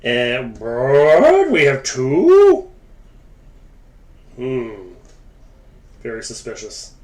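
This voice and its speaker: A man hosting a sports card break, chatting casually with viewers by name as he opens packs. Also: fairly high pitch. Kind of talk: casual live commentary while opening card packs. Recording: roomy echoing room.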